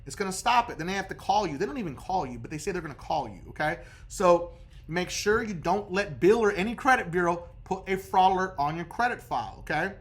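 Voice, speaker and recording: A man's voice: high-pitched, expressive, fairly quick. A man coaching viewers on credit repair in a casual instructional video, talking emphatically and checking in with the viewer over and over.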